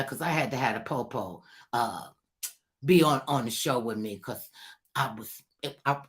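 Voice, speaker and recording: A middle-aged woman spins a lively personal story and acts out every voice and line of dialogue as she goes. Her speaking voice sits on the low side for a woman but swoops widely up and down in pitch. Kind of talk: animated anecdote telling.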